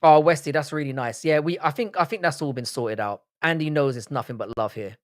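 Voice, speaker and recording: A man's voice: on the high side, brisk, dry recording, studio quality. A young man hosting a live stream, casually bantering with chat, swearing freely and often restarting his sentences. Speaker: livestream host.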